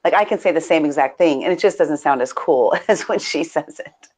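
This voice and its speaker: A middle-aged American woman co-hosting a live stream, chatty and quick to laugh. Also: deep voice, a little mellow. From United States. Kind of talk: casual live-stream chat.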